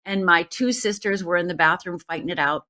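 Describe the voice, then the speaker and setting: A woman's voice: lowish voice, fairly quick, bright, forceful tone. A middle-aged woman from Upper Michigan, a life coach guest telling a personal story in a podcast interview, earnest and speaking straight to the host. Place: Los Angeles.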